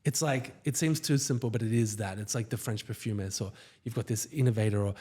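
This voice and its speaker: A man, a company founder, telling stories as a guest in a casual podcast interview, with enthusiasm and quick asides. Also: on the low side, warm tone, husky.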